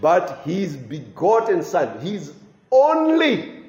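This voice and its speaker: A man's voice: sits high, wildly swooping pitch, slow pace, a little mellow, roomy sound, dull audio, soft background music. A man preaching a sermon with emphasis, repeating key phrases for weight.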